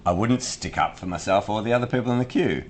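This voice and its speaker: A man's voice: fairly low pitch, fast. A man co-hosting a podcast, explaining ideas in casual chat with everyday examples and frequent restarts. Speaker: podcast co-host.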